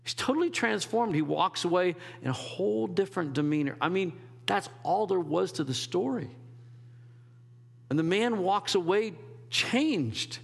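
A man's voice: high-pitched, animated, unhurried, gravelly, slightly rough, long reverb tail. A man preaching a sermon as a pastor, in a conversational, rambling way with restarts and quoted asides.

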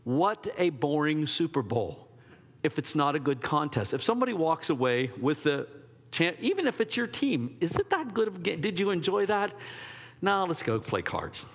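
A man preaching a sermon in an animated, conversational way, slipping into quick acted asides. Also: on the high side, husky, long reverb tail. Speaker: pastor.

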